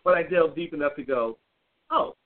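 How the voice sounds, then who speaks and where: Profane, animated man on a tinny line. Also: mid-range voice, moderate pace. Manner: blunt, profane, animated storytelling. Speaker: podcast co-host. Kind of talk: casual chat. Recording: tinny phone-like audio.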